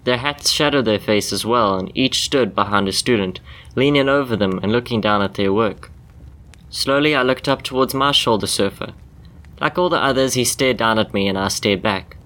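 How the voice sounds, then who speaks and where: A man calmly telling a first-person short story in scripted narration for a podcast. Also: medium pitch, normal speed.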